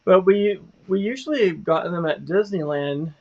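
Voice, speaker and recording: Casual livestream co-host, man, talkative, fairly high voice, muffled audio. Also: animated, moderate pace, darkish tone. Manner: chatty, laughs often. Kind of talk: casual chat.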